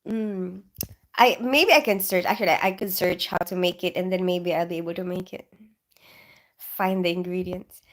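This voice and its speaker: A woman's voice: lowish voice, normal speed. A woman hosting a casual livestream from her bedroom, chatting and answering viewers by name as she reads their comments. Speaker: livestream host.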